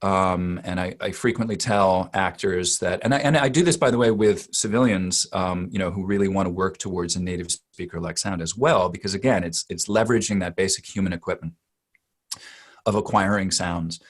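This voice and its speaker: A very low-voiced man explaining his craft as a dialect coach. He talks emphatically, doubling and tripling words as he builds long answers. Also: fairly quick. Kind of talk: expert interview answer.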